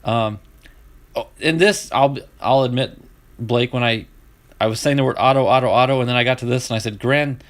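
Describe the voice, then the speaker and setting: A man's voice: mid-range voice, a little fast, pauses often. A middle-aged man with a Southern US accent chatting casually as he opens cards, laughing easily and often restarting his sentences. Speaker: card-breaking streamer. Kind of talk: casual chat.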